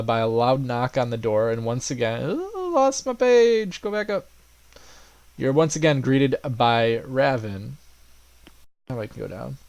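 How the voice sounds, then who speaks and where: A man's voice: medium pitch, a little mellow, dry recording. Man narrating a tabletop game with lots of fillers. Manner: loose narration with many fillers and chuckles. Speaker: game master.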